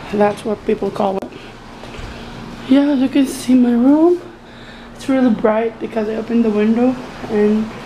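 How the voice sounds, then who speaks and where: A woman's voice: a little high, background noise. A young woman chatting casually in a home vlog, talking hesitantly with many fillers and restarts. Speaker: vlogger. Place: home bedroom with window open.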